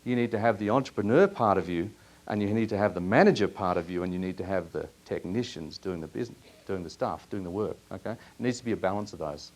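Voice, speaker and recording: A man leading a live workshop in a seminar room, asking audience members lively questions. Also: deep voice, fast. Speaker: workshop presenter.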